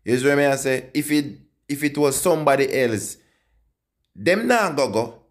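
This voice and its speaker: A man with a Jamaican accent hosting an entertainment channel and giving casual commentary on artists, often repeating "you see me, I say" with lively jumps in pitch. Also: normal speed.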